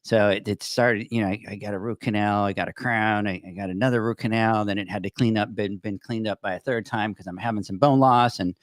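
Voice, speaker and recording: Middle-aged male podcast co-host, lowish voice, dry close sound, chatty and self-deprecating storyteller. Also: steady tone, a little fast, few pauses, no room sound. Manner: rambling, self-deprecating anecdotes with many restarts. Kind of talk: casual storytelling chat.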